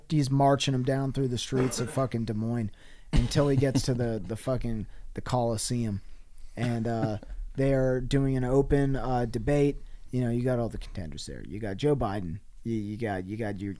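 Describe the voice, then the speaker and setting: A podcast co-host improvises a ridiculous story, swearing freely and pausing on fillers as he goes. His voice sits at an ordinary middle pitch for a man. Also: mellow. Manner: rambling, profane, frequent fillers.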